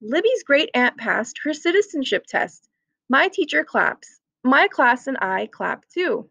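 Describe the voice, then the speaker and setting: A woman teacher reading a children's picture book aloud, clearly and expressively, at an unhurried pace. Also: high-pitched, big pitch swings, fairly bright tone, dry recording.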